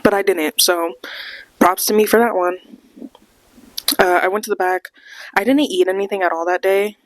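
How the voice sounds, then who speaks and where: A woman's voice: medium pitch, fairly even intonation, normal speed, no echo. A young woman hosting a podcast, telling a rambling concert story with a lot of swearing and acting out what people said. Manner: rambling, swears a lot, acts out quoted voices. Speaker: podcast host. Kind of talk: casual storytime monologue.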